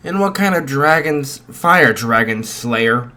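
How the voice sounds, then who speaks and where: A young man improvising a fan story, halting with many restarts and fillers. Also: mid-range voice, expressive, sharp tone.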